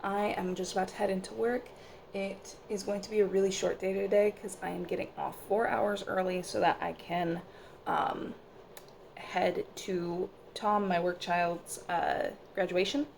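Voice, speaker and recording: Woman, young adult, casual vlog chatter, gravelly fry, noisy phone recording. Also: mid-range voice, steady tone, a little slow. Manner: chatty, rambling asides. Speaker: vlogger.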